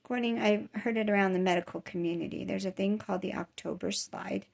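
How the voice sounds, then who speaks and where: A woman's voice: mid-range voice, fairly even intonation, fast talker, vocal fry, darkish tone. A woman in her thirties talking candidly in a casual personal vlog, rambling with many fillers and restarts, worn down by chronic nausea. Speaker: vlogger.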